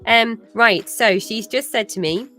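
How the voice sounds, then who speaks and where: A woman's voice: a little high, measured pace, pushed and bright, soft background music. A British woman hosting a live charity stream, chatting casually with lots of fillers and restarts. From Britain. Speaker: stream host.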